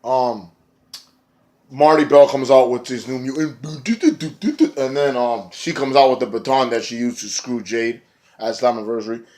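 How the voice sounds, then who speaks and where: A man rambling through a casual wrestling recap in a vlog, excitable and often swearing. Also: medium pitch, moderate pace. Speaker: wrestling reviewer.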